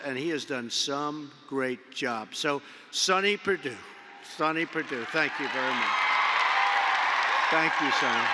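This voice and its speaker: A man's voice: a little high, bright, forceful tone, slight background noise. Man rambling through a speech in an echoing arena. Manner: rambling, repetitive, conversational asides. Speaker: political speaker at a convention. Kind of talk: off-the-cuff political speech. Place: large indoor convention arena. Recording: long arena reverb from a PA.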